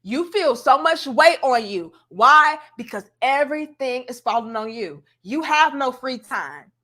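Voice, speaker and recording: A woman's voice: high voice, lively intonation, a little slow, pushed and bright. A woman hosting a casual commentary show, talking emphatically and straight to her audience like she is lecturing them.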